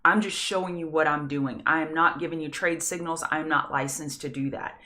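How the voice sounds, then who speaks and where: A woman's voice: deep voice, steady tone, a little fast, pushed and bright. A woman hosting a live trading stream, chatty and self-deprecating with scattered asides. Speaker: trading show host. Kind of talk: live market analysis stream.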